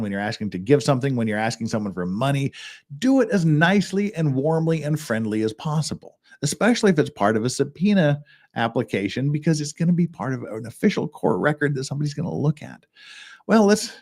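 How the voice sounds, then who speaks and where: A man's voice: medium pitch, darkish tone. A man hosting a legal commentary show, talking casually in a rambling way with restarts and chuckles. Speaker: host of a legal commentary channel.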